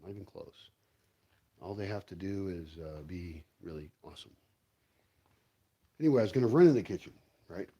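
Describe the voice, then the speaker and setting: A man rambles through a casual vlog, talking to himself as he wanders around outdoors at home. His voice is husky and fairly low, and it swings up and down a lot. He swears freely and drifts between topics. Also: expressive, moderate pace, long pauses, mellow. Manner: rambling, profane, talks to himself and his dogs. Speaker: vlogger.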